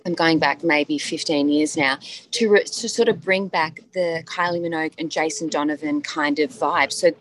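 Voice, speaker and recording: A woman's voice: sits low, normal speed, low-quality recording. A woman, an actress chatting enthusiastically as a guest on a video call. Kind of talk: casual chat over video call.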